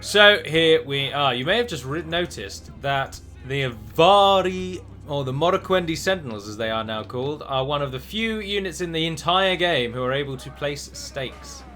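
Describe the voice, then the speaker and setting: A man's voice: a little high, animated, moderate pace, few pauses, pushed and bright. A man hosting a strategy game let's play, chatty and rambling, with restarts and the odd dramatic flourish. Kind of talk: game commentary.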